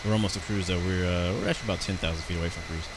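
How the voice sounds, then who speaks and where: A man's voice: deep voice, steady tone, racing, heavy background noise. An American man chatting casually and rambling through live commentary on his flight sim stream, talking to his viewers.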